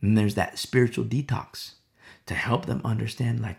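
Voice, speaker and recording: A man's voice: medium pitch, fairly even intonation, moderate pace, creaky. A man preaching a sermon in an emphatic style, often checking in with the listeners. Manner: emphatic, keeps asking "you see?".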